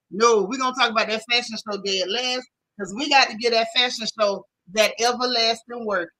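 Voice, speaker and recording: Southern woman host, chatty and sassy, dry close mic, bright tone. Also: on the high side, no room sound, low-quality recording. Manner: chatty, greets viewers one by one, sassy slang. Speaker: show recap host. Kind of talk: casual livestream chat.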